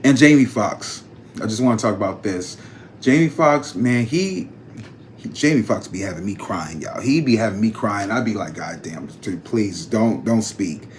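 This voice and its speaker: A man hosting a casual gossip vlog, chatty and slangy, talking straight to his viewers with animated jumps in pitch. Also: moderate pace, slight background noise. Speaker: psychic channel host.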